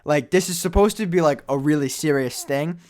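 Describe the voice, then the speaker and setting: A young man cohosting a podcast, telling jokey stories in casual chat that drop to quiet mumbles and swing back up loud. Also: a little high, fairly quick. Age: young adult. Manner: animated storytelling, jokey, trails into mumbles. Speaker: podcast co-host.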